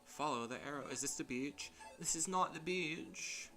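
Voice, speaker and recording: Faint game music runs under a young man's casual let's-play stream, where he rambles, chats, and laughs at himself frequently. His voice is fairly high, pushed and bright, at a normal speed.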